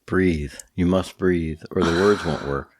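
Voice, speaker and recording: A man co-hosting a podcast, cracking deadpan teasing jokes in casual chat. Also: deep voice, unhurried. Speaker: podcast co-host. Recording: loud background noise.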